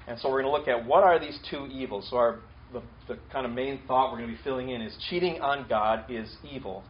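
A man's voice: medium pitch, fast talker, slight background noise. Man preaching a casual sermon, lo-fi sound. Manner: repeats key points, casual fillers and restarts. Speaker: pastor. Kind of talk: conversational sermon.

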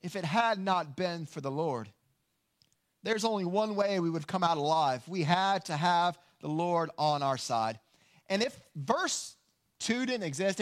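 A man preaching a sermon, earnest and emphatic, slowing down to stress key lines. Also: high voice. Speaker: pastor.

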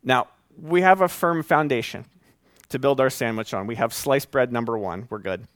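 A man preaching a sermon as pastor, conversational and animated, with folksy asides. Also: medium pitch, moderate pace, no room sound, studio quality.

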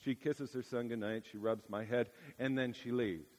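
A man preaching a sermon, telling a childhood story with dramatic swings from hushed to loud. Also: mid-range voice, fairly even intonation, moderate pace, big-room sound.

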